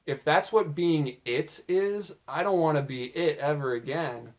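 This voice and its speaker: A man quoting a small, timid, childlike cartoon creature in a slow, slightly raised voice. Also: on the high side, lightly acted. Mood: frightened.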